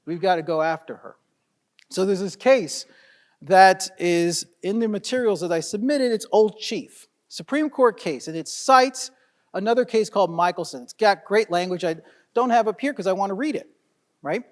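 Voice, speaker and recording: A man with a strikingly high voice lectures a room of fellow lawyers at a conference. He talks in a loose, conversational way, blunt and sometimes swearing, and keeps checking in with "right?". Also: moderate pace, in a large hall. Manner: lively and conversational, with frequent "right?" tag questions. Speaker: criminal defense lawyer presenting to peers. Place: conference room before an audience.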